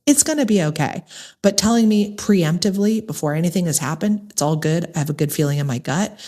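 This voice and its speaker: A woman with a low, deep speaking voice and an American accent, hosting her own podcast. She talks candidly and earnestly to her listeners, with direct, lively emphasis. She sounds middle-aged. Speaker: podcast host. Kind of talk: personal monologue to listeners.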